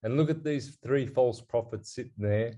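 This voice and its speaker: Preachy man with a mellow voice. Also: medium pitch. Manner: preachy, dramatic, slow emphatic delivery. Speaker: guest. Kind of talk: podcast interview chat.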